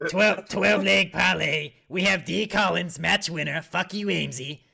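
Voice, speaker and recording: A man putting on a raspy, smoker-voiced older politician impression, bombastic and profane. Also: high voice, unhurried, pushed and bright, voice pushed up, heavily acted. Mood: boastful. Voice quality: raspy, coughing smoker rasp. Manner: bombastic announcing, brash and profane.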